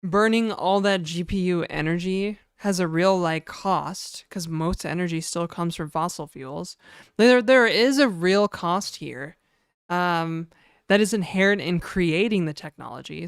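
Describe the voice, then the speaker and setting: A woman streamer talking casually to her chat, full of "like" and "you know". Her voice is low-set and smooth, recorded close and dry with no room sound. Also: dry recording. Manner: chatty, reads chat aloud, frequent fillers.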